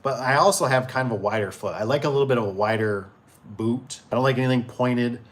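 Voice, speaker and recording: Forty-something guy on a business livestream, laid-back, rambles, reads chat comments out loud. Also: mid-range voice, fast. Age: 40s. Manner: rambling and easygoing, with many fillers and restarts. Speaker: livestream host of a door and gate business. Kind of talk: casual livestream chat, reading viewer comments aloud.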